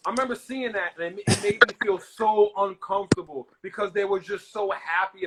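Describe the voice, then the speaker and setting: A male podcast host talking in a loose, rambling way, circling his point with restarts and fillers. His voice is pitched a little high for a man. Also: fairly quick, hardly any pauses, a loud crowd, rough recording. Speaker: show host. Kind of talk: casual podcast talk.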